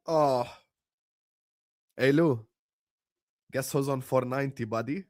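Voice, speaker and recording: Excitable man hosting a livestream. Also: medium pitch, slow pace, pauses often, dry recording, studio quality. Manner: excitable, chanting and urging viewers on. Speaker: livestream host. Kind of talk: hyped watchalong livestream chat.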